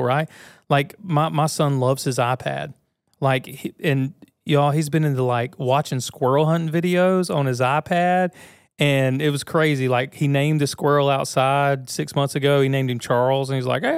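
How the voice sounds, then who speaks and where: A man's voice: fairly high pitch, creaky, no room sound, clean studio sound. A man hosting a podcast, talking earnestly and casually with frequent restarts. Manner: earnest, conversational, many restarts. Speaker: podcast host. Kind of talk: motivational podcast monologue.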